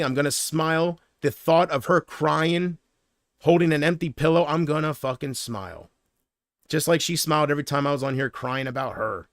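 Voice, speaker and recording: A man's voice: a little high, no room sound, studio quality. A man on a livestream, ranting in an agitated, profane way and talking back to comments from his chat. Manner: reads viewer comments aloud. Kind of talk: live-stream rant to chat.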